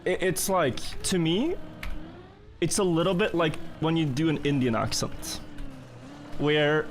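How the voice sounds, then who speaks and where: A man's voice: a little high, slight background noise. Chatty young man streaming a game. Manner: rambling, joking, thinking aloud to chat. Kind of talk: casual live-stream chat while gaming.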